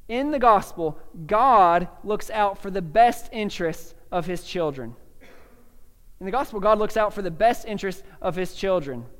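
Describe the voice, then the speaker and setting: A young man preaching a sermon as pastor, speaking earnestly and conversationally, with restarts and soft laughs. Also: high voice, clean tone, in a large hall.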